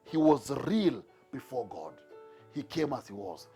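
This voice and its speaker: A man's voice: mid-range voice, sing-song, unhurried, mellow, faint music behind. A man preaching a sermon to a Bible class, driving his points home with repeated rhetorical questions. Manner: emphatic, repetitive rhetorical questions.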